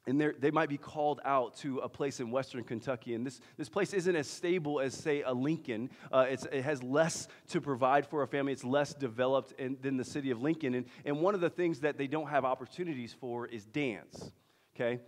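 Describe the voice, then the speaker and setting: A man, preaching a sermon, moving between loud emphasis and hushed storytelling. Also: mid-range voice, fairly even intonation, fairly quick. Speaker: pastor. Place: church hall. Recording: long church-hall reverb.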